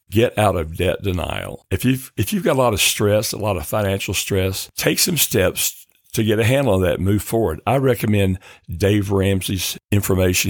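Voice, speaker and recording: Male podcast host, very low pitch, dry close-mic sound, calm and earnest counselor giving practical tips. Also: no room sound. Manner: calm, earnest, encouraging advice. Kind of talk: self-help podcast monologue.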